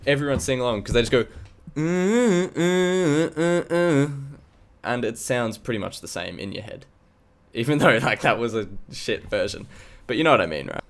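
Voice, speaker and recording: A man's voice: mid-range voice, lively intonation, fast, a bit bright. An Australian man in a casual, sweary, self-mocking walkthrough of his own song project from a home studio. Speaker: hobby music producer. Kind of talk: casual screen-recorded walkthrough.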